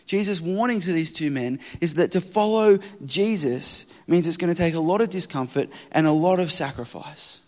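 A man preaching a sermon, swinging between loud urgent retelling and hushed quiet. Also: on the high side, moderate pace, few pauses. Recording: long hall reverb.

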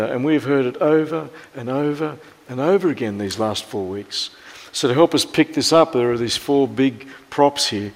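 Australian pastor preaching in a reverberant church. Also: male voice, medium pitch. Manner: storytelling, often dropping to a soft hush. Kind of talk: sermon.

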